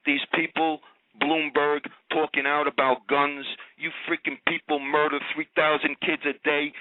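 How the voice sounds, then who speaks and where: A man's voice: a little high, no room sound. A man calling in to a talk radio show from Long Island, speaking, sarcastic and heated, ranting in bursts. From Long Island, New York. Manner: sarcastic, heated, swearing-minced outbursts. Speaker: caller. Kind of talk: call-in radio rant. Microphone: phone call. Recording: tinny phone line, dry.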